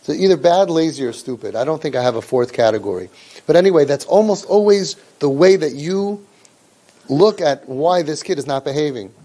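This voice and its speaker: A man coaching parents in a sarcastic, animated way, his pitch sitting somewhat above the usual for a man. He speaks flavored by speech, and he keeps slipping into mocking voices as he imitates kids and parents, ramping up the exaggeration each one. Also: fairly quick. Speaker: parenting coach leading a training group. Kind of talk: spoken parent training talk.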